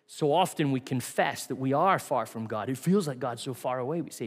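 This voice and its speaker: A man preaching a sermon in a church, telling stories with a varied delivery that drops to quiet asides. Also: mid-range voice, lively intonation, a little fast, hardly any pauses, slightly rough, in a large hall.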